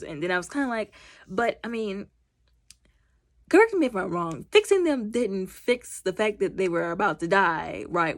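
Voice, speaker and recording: Chatty woman reviewer, expressive, acts out scenes as she recaps. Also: lowish voice, creaky. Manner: animated, acts out movie characters in quotes; heavy use of fillers like "like" and "you know". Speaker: movie reviewer.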